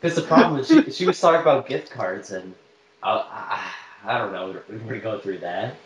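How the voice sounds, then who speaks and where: A man's voice: fairly low pitch, animated, moderate pace, over a noisy crowd. A man hosting a podcast and making prank calls, improvising with many hesitations and restarts. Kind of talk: casual chat. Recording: echoey room with faint background noise.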